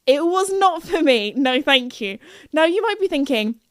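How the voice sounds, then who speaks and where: Bubbly young woman, higher voice. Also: lively intonation, normal speed, no echo, clean studio sound. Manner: bubbly, rambling, full of "like" fillers. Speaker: podcast host. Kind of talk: casual chat.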